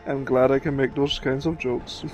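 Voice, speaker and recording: A man's voice: medium pitch, steady tone, measured pace, soft background music. A man hosting a let's play, chatting casually, thinking aloud and swearing freely as he plays. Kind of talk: casual gameplay commentary.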